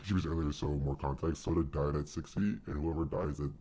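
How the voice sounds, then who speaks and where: A man doing a deep-voiced impression of a male streamer, slow, booming and mock-serious. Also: fairly even intonation, mellow. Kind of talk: live stream reaction.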